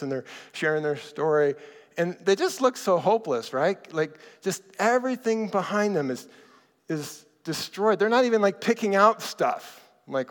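A man's voice: sits high, normal speed. Conversational male pastor in an echoing hall. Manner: conversational and animated, acting out quotes. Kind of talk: sermon. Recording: reverberant hall.

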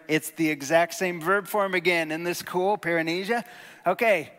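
A man's voice: on the high side, fairly even intonation, fairly quick, a bit bright. A man giving a sermon in a conversational teaching style, with enthusiastic asides. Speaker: pastor. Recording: reverberant hall.

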